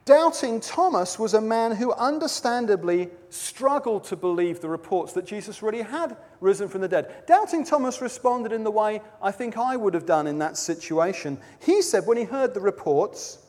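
A man with a high voice preaches a sermon at a baptism service from a platform in a large venue. He tells Bible stories with flair, dramatically quoting and swinging his loudness. The sound carries a long hall reverb. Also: lively intonation, moderate pace, few pauses.

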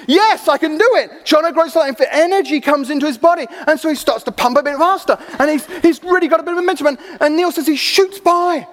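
A man preaching a sermon, telling stories with animated energy and acting out the people in them. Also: very high voice, quick pace, few pauses. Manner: animated storytelling, acting out voices. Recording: long hall reverb.

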